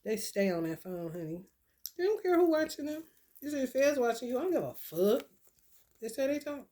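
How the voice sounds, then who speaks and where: A woman with a fairly high voice delivers an animated, preachy rant straight to her viewers. She swears freely and talks to them as "y'all" and "honey", sliding between loud outbursts and quieter, lower asides. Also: normal speed. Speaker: vlogger. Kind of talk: casual monologue to camera.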